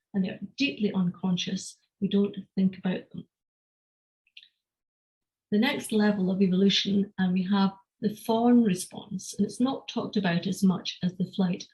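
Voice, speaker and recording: A woman teaching a live online class, calmly explaining and guiding a breathing exercise. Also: mid-range voice, rough recording. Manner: calm, measured explanation. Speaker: energy health teacher. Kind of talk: online lecture with guided breathing.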